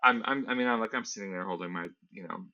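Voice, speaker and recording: Low-voiced man, rambling podcast co-host. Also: quick pace, creaky, pushed and bright. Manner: rambling, heavy on filler words. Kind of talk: casual chat. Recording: slightly dull lo-fi audio.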